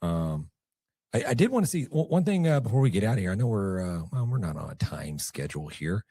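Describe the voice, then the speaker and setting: Deep, mellow Texan man joking. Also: very animated, a little fast, breathy edge. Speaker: podcast co-host. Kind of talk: casual chat.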